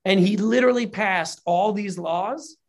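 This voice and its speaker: This is a casual, chatty storyteller who swears freely and throws energy into every beat of the tale. The pitch sits in a middle register. At times the telling turns openly emotional. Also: measured pace. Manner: animated, profane retelling of a history story; gets emotional while telling it. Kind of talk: casual chat.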